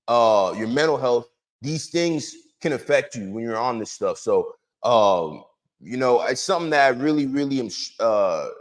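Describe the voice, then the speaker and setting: A man hosting, giving casual commentary in a loose, conversational way. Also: medium pitch. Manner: conversational, lots of "you know" fillers. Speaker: host.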